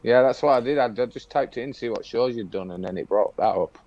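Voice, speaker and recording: Low gravelly guy on muffled audio, friendly and halting. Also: a loud crowd. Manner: friendly, hesitant. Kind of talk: casual banter.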